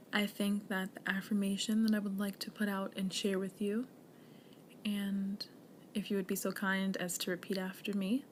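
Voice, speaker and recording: Young woman podcast host from the US, mid-pitched, slow and earnest, slips into soft near-whispers. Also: slight background noise. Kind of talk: solo podcast monologue with affirmations.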